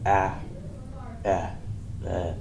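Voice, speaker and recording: A man's voice: sits low, little pitch movement, very slow, creaky, background noise. A teenage boy student in a classroom, hesitantly sounding out letters and syllables. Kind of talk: reading aloud in class. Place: school classroom.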